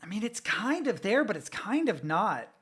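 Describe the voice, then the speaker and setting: A man's voice: high-pitched, very animated, normal speed, a bit bright, slightly rough. A man from the Southern United States, streaming and ranting casually with lots of swearing while he reacts to clips. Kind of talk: live-stream reaction commentary.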